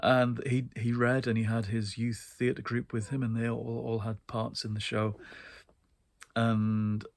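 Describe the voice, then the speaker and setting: A man's voice: mid-range voice, flat delivery, unhurried, vocal fry. A man from northeast England, hosting a show and telling wry, chatty stories about book events. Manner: chatty, wry, frequent laughs and ums. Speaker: host. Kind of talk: casual anecdotal monologue.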